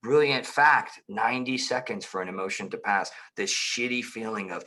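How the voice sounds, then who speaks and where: A man hosting an interview over a video call, talking expressively and swinging from soft, reflective lines to loud exclamations. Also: lowish voice, expressive, brisk, hardly any pauses. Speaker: podcast host. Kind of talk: conversational interview.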